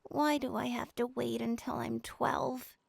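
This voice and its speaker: A woman's voice: a little high, fairly even intonation, measured pace, vocal fry, husky, no room sound, full character voice. An earnest young girl. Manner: earnest, then firm and commanding. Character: earnest, dutiful eleven-year-old girl. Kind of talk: game voice acting.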